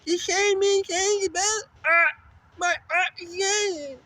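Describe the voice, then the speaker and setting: A man's voice: extremely high pitch, fairly even intonation, slow, bright, forceful tone, dry recording, pitched above the performer's own voice, heavily acted. A man voicing a dim-witted male sound engineer sidekick who stammers through endless uh and yeah. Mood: dopey.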